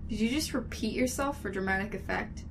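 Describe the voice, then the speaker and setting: A teenage girl voicing a bored, irritated goth teenager who grumbles in a flat, sarcastic way. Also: mid-range voice, a little fast, creaky, slight background noise, lightly acted. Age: teens. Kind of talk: audio drama dialogue.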